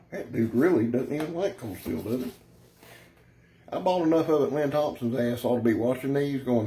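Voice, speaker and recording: Gravelly folksy man. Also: mid-range voice, lively intonation, fairly quick, warm tone. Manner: folksy, rambling, brash, keeps calling viewers "son". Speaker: knife reviewer. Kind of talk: casual product review.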